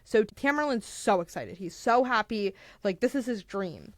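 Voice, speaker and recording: A young woman tells a true crime story to a friend in loose, lively podcast chat. She acts out quotes and leans on "like" as she goes, her voice mid-pitched and recorded dry and close. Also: moderate pace, dry recording. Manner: animated, acts out quotes, filler "like". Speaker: podcast co-host retelling a true crime case.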